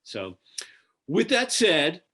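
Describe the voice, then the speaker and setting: A man's voice: high-pitched, wildly swooping pitch, extremely slow, pushed and bright. A man with a Philadelphia accent hosting a casual interview over a video call, chatty and rambling with lots of fillers. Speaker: podcast host. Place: home near Atlanta.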